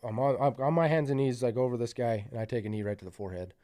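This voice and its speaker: A man's voice: medium pitch, rapid-fire. Man, casual podcast storyteller; rambling, profane, many fillers. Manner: gets loud and excited at the climax.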